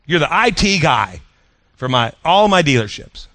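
A man's voice: a little high, big pitch swings, normal speed, bright, forceful tone, no room sound. A man preaching a sermon, telling stories in a folksy, conversational way and asking the audience questions. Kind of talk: sermon storytelling.

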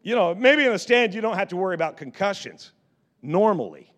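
A male pastor telling a story in his sermon. He is animated and often repeats words and restarts his sentences. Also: high-pitched, a little fast.

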